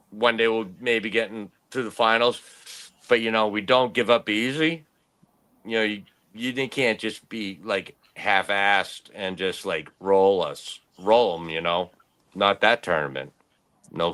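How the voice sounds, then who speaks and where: A man's voice: fairly low pitch, a little slow, a bit bright, smooth. A man in his late fifties, a podcast host, telling rambling stories in casual chat and laughing often. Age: 50s.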